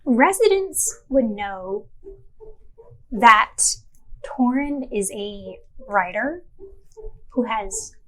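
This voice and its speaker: A woman narrating a tabletop role-playing game as game master, unhurried and descriptive with fillers. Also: fairly high pitch, lively intonation, bright, forceful tone, poor audio.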